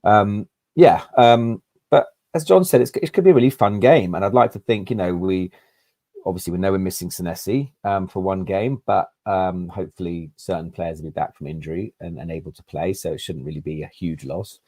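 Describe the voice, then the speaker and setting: A man with a very low, deep voice, chatting about his football club on a live stream. He rambles along with lots of "um"s and self-corrections. The sound is close and dry, with no room echo. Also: brisk, warm tone. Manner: rambling with many fillers and restarts. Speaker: podcast co-host.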